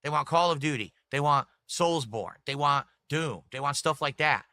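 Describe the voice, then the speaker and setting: A middle-aged man hosts a livestream in a slightly high, bright, forceful voice at normal speed, with no echo in the audio. He chats casually and rambles, reading out his viewers' messages and tips as he talks to chat.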